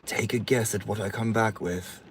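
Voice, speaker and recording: A man's voice: on the low side, steady tone, moderate pace, husky. Campy, sassy man hosting a livestream. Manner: campy and sassy, swears freely; reads viewer comments aloud. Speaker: livestream host. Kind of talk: casual livestream chat.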